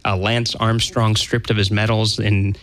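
Low-voiced rambling male co-host. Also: flat delivery, measured pace, fairly bright tone, no echo. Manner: rambling, hesitant, filler-heavy. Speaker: podcast co-host. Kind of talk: casual podcast chat.

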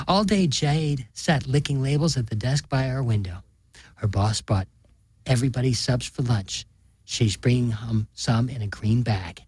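A man reading fiction aloud as narrator, wry and deadpan in his delivery. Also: mid-range voice, measured pace, husky, no echo. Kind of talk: audiobook reading.

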